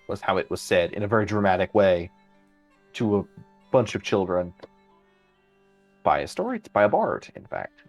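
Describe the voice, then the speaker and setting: A man's voice: on the low side, very animated, moderate pace, vocal fry, dry recording, soft background music. A man narrating as game master of a tabletop game, loose and chatty, with many ums.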